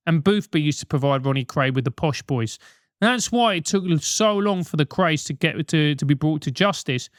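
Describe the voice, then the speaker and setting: A man's voice: fairly high pitch, a bit bright, clean studio sound. Brit guy doing a sweary blunt advice rant, no room echo at all. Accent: British English. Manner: profane, blunt, mocking. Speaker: advice show host. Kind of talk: comic advice monologue.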